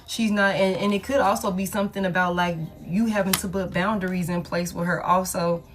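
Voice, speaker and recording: A woman's voice: lowish voice, fairly even intonation, a little fast, background noise. Blunt, slangy woman tarot reader. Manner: blunt, repetitive, slangy, says "you know what I'm saying". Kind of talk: casual tarot reading monologue.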